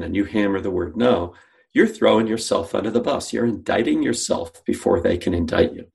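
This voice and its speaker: A man's voice: on the low side, expressive, normal speed, gravelly, a little mellow. A man, a guest on an interview, telling a story and acting out the dialogue he quotes. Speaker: guest, sales company founder.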